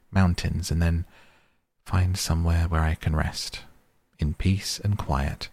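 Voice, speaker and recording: A man's voice: sits low, creaky, darkish tone, dry recording. A man voicing a restless, possessive aging male hobbit who talks in a fussy, defensive way. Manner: fussy, turns snappish and defensive.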